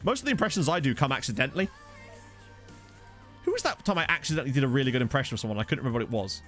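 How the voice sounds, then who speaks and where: A man's voice: medium pitch, expressive, very fast, fairly bright tone, faint music behind. Jokey guy streaming a football manager game, chatting with chat, voice bounces around a lot, desk mic. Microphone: desk USB condenser microphone.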